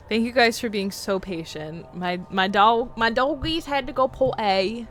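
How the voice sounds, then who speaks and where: A woman streaming a video game live, chatting with viewers and breaking into loud yells and laughter. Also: fairly high pitch, measured pace, few pauses, faint music behind. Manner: animated, bursts into yelling and laughter. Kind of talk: live gameplay commentary.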